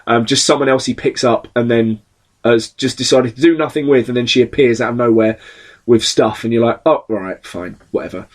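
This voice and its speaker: A man hosting a podcast, chatting casually about comic books, animated and swearing often as he acts out characters' lines. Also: mid-range voice, a little fast. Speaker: podcast host. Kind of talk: casual comic book chat.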